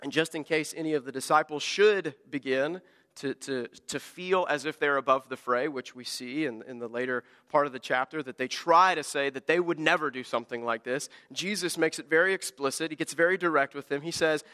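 A man's voice: on the high side, moderate pace, pushed and bright, long reverb tail. A man preaching an earnest sermon as a pastor, often stammering and restarting words as he builds his points.

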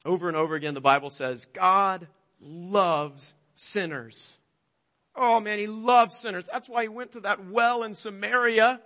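A man's voice: sits high, a little slow, bright, forceful tone, in a large hall. A male pastor preaching a sermon emphatically, with rhetorical questions.

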